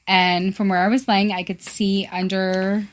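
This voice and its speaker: Woman guest, casual story-telling, swears and laughs a lot, mid-pitched. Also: a little slow. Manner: relaxed, laughs and swears while telling stories. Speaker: podcast guest.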